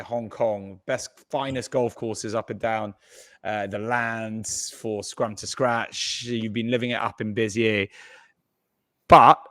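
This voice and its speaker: A man's voice: medium pitch, fairly bright tone. A man hosting a rugby podcast, steering the chat and bantering with laughs. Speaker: podcast host. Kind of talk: casual chat.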